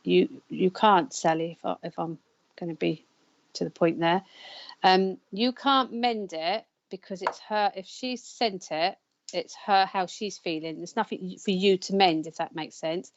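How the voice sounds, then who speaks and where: A woman's voice: lowish voice, steady tone, unhurried, muffled recording, slight background noise. A woman hosting a live psychic counselling show, chatting casually, laughing often and stumbling over names. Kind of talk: casual live-stream chat.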